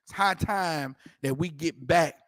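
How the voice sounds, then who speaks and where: A man's voice: fairly high pitch, measured pace, a bit bright, no echo, clean studio sound. A man teaching a scripture class, preaching emphatically in colloquial street talk and repeating his points. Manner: emphatic, repetitive, prompts reader to go ahead.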